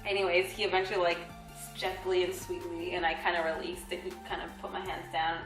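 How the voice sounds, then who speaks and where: A woman's voice: on the low side, level tone, quick pace, over music. A woman in her twenties co-hosting a couples vlog, telling a story in a bubbly way, laughing often and acting out what people said. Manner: bubbly, laughs often, acts out quoted dialogue. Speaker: vlog co-host. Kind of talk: casual storytelling to camera. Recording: echoey room.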